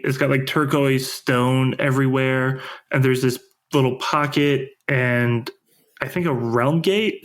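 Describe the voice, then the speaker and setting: Easygoing man summarizing on a podcast. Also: mid-range voice. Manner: easygoing summarizer, relaxed slang. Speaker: podcast co-host. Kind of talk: casual lore chat.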